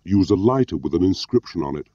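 A man voicing a gruff, bitter ex-spy. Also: low voice, expressive, fast talker, no echo, dull audio, voice pushed up. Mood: curt. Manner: gruff, barking, rising to shouts. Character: embittered middle-aged male ex-spy, curt, angry.

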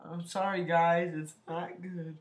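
A man recording a let's play, reading lines aloud in a slow, halting, tearful way while crying. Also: fairly high pitch, flat delivery, background noise. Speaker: gaming video creator. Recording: echoey room with loud music. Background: loud guitar music.

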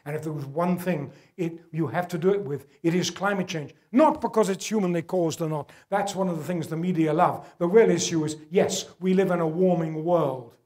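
This is an older man lecturing with slides at a gala. He leans hard on important words in a slightly high voice, keeping the pace measured. When the matter grows grave, he lowers his voice almost to a whisper, earnest throughout.

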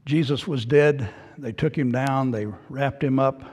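A man preaching a sermon, moving between hushed, low passages and loud, raised passages. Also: fairly even intonation, unhurried, breathy edge. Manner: dramatic swings from hushed to loud. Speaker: pastor. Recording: hall reverb.

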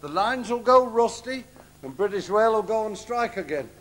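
A kindly, bumbling pantomime father who cracks puns and mutters asides, voice fairly high and lively in pitch. The performance is live theatre comedy. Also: moderate pace, slight background noise. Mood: doting. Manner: gentle, punning, mumbling asides. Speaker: comic actor. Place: theatre stage.

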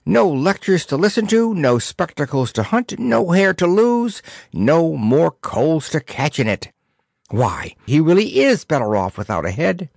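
A man voicing a gruff, flustered but kindly old male soldier in a storybook, barking commands and puffing. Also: fairly high pitch, big pitch swings, slow pace, a little mellow, no echo, clean studio sound, voice pushed up, heavily acted. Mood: cheerful.

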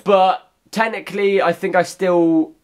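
A young man commentating on his own gameplay, talking to viewers in an excitable, chatty way and shouting at big moments. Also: high-pitched, unhurried. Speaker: gaming YouTuber.

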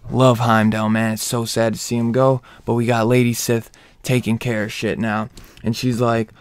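A man's voice: mid-range voice, little pitch movement, normal speed, clean tone, no room sound. A man giving a casual comic book spoiler review, slangy and profane, hyped up and rambling with lots of restarts.

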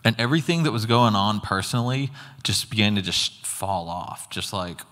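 A lower-voiced man preaches a testimony and tells it as a story, speaking earnestly and acting out his own reactions. His voice rings with long reverb in a church hall. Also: expressive, moderate pace, a bit bright. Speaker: guest preacher. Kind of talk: sermon testimony.

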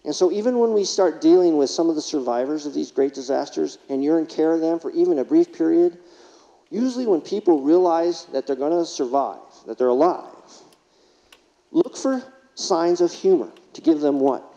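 A man's voice: on the high side, expressive, normal speed, mellow. A man delivering a keynote speech at a conference, telling funny anecdotes and asking the audience rhetorical questions. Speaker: keynote speaker. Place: large conference hall. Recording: distant, dull hall reverb.

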